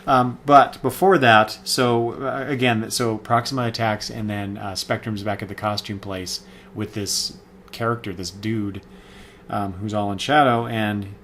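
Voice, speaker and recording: A man's voice: lowish voice, fairly even intonation, measured pace, a bit bright, slight background noise. Rambling man reviewing comics. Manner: rambling, many fillers and self-corrections. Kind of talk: casual spoken review.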